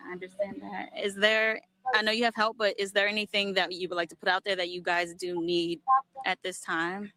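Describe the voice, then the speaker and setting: A woman field reporter giving a live news report outdoors at a storm-wrecked site, sympathetic and steady. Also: mid-range voice, fairly quick, gravelly, dry recording.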